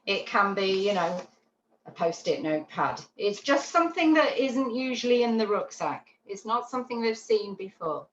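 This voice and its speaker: A woman's voice: mid-range voice, moderate pace. Chatty woman teaching on a video call. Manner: chatty, animated, checks in with "yeah?". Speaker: dog training instructor. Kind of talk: online class teaching. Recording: roomy, dull lo-fi call audio with faint noise.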